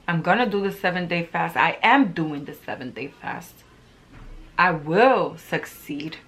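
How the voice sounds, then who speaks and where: With a lowish, slightly bright voice, a middle-aged woman vlogger motivates her viewers casually and earnestly. She's emphatic, driving points home through repetition.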